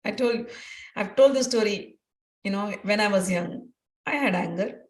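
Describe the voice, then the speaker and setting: A woman with a medium-pitched voice speaks at normal speed in an earnest devotional teaching, sharing personal stories and repeating phrases for emphasis. She's a spiritual teacher, heard through a roomy, distant mic.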